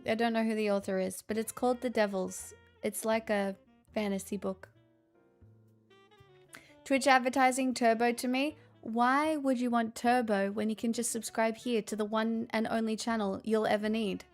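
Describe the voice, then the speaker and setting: A woman's voice: a little high, fairly even intonation, moderate pace, faint music behind. An Australian woman hosting a casual live stream, chatting with viewers in a sarcastic, self-deprecating way. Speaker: livestream host.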